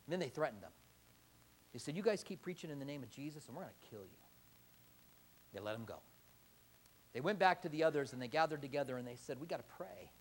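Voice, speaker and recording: A man preaching a sermon, acting out quoted prayers in lively voices. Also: medium pitch, fast, pauses often, breathy edge. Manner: animated, acts out quoted prayers. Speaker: pastor.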